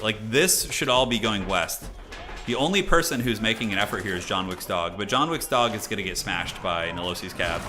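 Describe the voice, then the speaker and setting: A man casually commentating a strategy game on his live stream, rambling and animated with lots of "like" fillers. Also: lowish voice.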